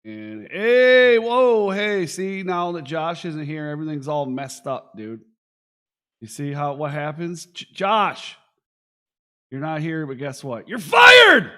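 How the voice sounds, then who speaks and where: A man's voice: a little high, expressive, slow pace. A man hosting a casual podcast, hyping himself up in a joking, boastful way. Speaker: podcast host. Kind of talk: casual chat.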